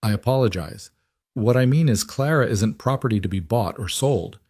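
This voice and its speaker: A man playing a loving frontier rancher father who speaks firmly and in measured phrases, in a narrated western tale. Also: mid-range voice, expressive, darkish tone, no echo, studio quality, lightly acted. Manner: firm, measured.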